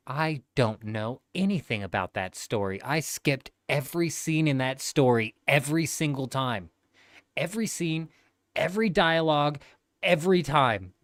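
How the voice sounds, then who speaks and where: A man's voice: mid-range voice, a bit bright, dry recording, studio quality. A man in his thirties chatting casually on a gaming livestream, laid-back and rambling, swearing freely.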